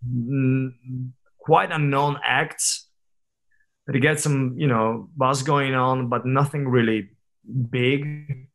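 A man's voice: medium pitch, steady tone, takes it slowly, fairly bright tone. A man over thirty, a guest on a podcast, telling stories in a candid, reflective way with many fillers and restarts. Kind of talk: casual conversational interview.

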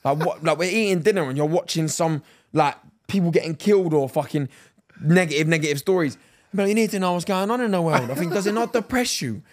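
A man's voice: on the high side, quick pace. A young British man in his twenties co-hosting a casual podcast, ranting and swearing a lot, slipping into mocking impressions. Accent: British English. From United Kingdom. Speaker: podcast co-host. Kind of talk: casual chat.

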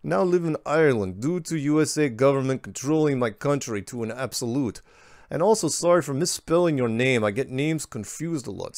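A man putting on a foreign accent to read out an earnest male letter-writer, slow, deliberate and apologetic. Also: mid-range voice, darkish tone, no room sound, studio quality, voice pushed up, natural voice.

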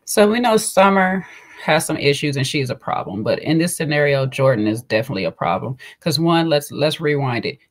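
A woman with a lowish voice breaking down a reality-TV episode in casual podcast chat. She is emphatic and sassy, and acts out mock lines for the people she is talking about. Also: lively intonation, fairly quick. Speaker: podcast co-host.

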